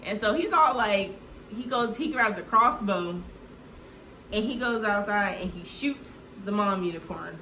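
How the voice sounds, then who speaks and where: A woman tells a film's story in a loose, chatty, comedic way, leaning on "like" and swearing now and then. Her voice sits at a middle pitch. The room echoes noticeably, with a faint background hum. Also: lively intonation, measured pace, sharp tone. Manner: loose, rambling, full of "like", swears. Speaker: movie recap host. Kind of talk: casual comedic movie retelling.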